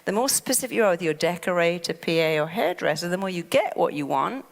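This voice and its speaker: A woman therapist giving a lively motivational talk who often acts out anxious inner voices. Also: on the low side, fast talker, gravelly, big-room sound.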